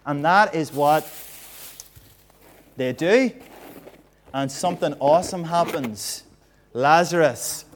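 A man's voice: a little high, expressive, takes it slowly, pauses often. A man preaching an all-age sermon in a church, acting out the story and quizzing the congregation.

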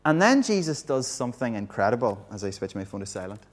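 Male preacher, lively all-age sermon, acts out scenes, quizzes the room, church. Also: medium pitch, fast talker. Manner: animated, acts out the story and quizzes the congregation.

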